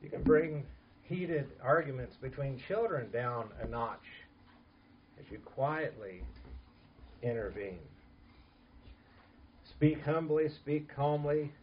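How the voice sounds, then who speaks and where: A man preaching a sermon in an earnest, emphatic way, dropping to soft asides. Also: medium pitch, animated, takes it slowly, pauses often, lo-fi sound, a little hiss or hum. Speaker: pastor.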